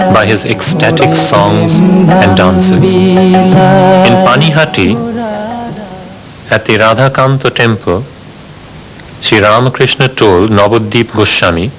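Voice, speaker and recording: Slow, reverent male documentary narrator. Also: mid-range voice, poor audio. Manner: slow, measured, reverent reading. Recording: soft sitar music underneath.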